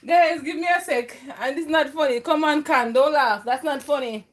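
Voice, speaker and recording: A woman's voice: sits high, moderate pace. A woman math teacher, chatting with her viewers as she works through an online lesson. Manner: chatty, addresses viewers as guys.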